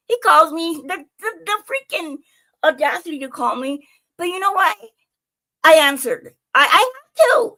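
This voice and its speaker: A young woman streaming live, telling her own stories in an animated, chatty way with plenty of swearing and jokes at her own expense. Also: sits high. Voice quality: animated, chatty, swears freely, self-mocking. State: out of breath. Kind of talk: casual storytelling to viewers.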